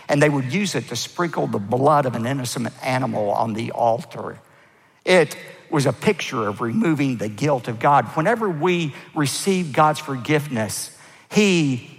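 A man preaching a sermon to his congregation, his voice carrying a gravelly edge. He leans hard on key words, lifting them high, then lets each phrase end sink low. A long reverb trails behind him in a large hall. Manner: emphatic preaching, rising for stress and dropping low at phrase ends. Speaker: pastor.

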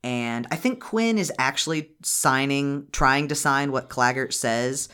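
A woman's voice: extremely low pitch, a little slow, a bit bright, clear, resonant tone. Profane, laughing woman retelling a cartoon. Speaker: podcast co-host. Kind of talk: casual chat reviewing a cartoon.

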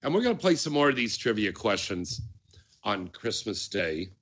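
A man's voice: fairly low pitch, very animated, normal speed, fairly bright tone. A man hosting a radio show, talking casually in a chatty, rambling way with many fillers. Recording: dull lo-fi sound.

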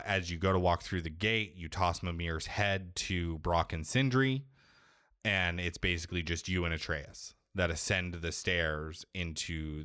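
On a podcast, a young male co-host chats casually through a video game's plot, rambling and profane with "like" in nearly every sentence. His deep voice sounds pushed and bright in a dry, studio-quality recording.

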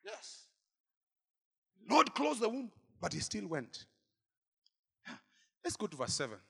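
A male pastor preaching a sermon in church, swinging from shouted exhortation to quiet asides. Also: high-pitched, huge pitch swings, slow, creaky, breathy edge, long reverb tail. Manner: dramatic, swings between shouting and murmuring asides.

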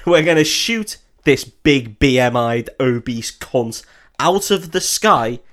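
A man's voice: medium pitch, animated, takes it slowly, a bit bright. A man co-hosting a casual film podcast, swearing freely, laughing often and acting out bits with voices. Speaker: podcast co-host.

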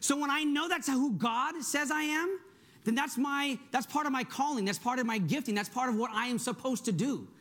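A middle-aged man preaching a sermon as pastor, energetic and conversational, often checking in with the congregation. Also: very high-pitched, normal speed.

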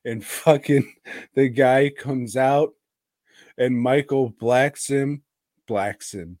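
A man's voice: medium pitch, takes it slowly, a little mellow, no echo, clean studio sound. A man co-hosting a podcast in casual chat, rambling and teasing with crude language. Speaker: podcast co-host.

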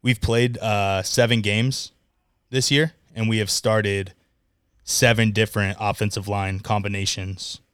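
A man hosting a casual sports podcast, upbeat and chatty, quick to laugh, talking over a remote call microphone. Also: lowish voice, flat delivery, a bit bright, clean tone, no room sound, clean studio sound. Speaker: podcast host.

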